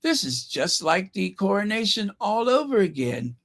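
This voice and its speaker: Man doing a huffy elderly king, grumbling, higher voice, lively rise and fall. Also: normal speed, full character voice. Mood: indignant. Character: fretful elderly male king, indignant.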